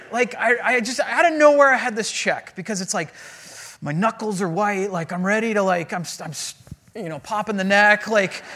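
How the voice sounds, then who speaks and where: Pastor, male, high-pitched voice, animated and conversational storytelling sermon.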